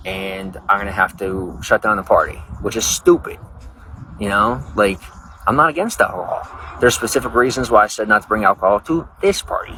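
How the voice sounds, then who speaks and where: A man with a fairly low voice chats loosely on a live stream, rambling between thoughts and calling out viewers by name. There's a steady noisy hiss behind him. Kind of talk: casual live-stream chat. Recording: noisy background.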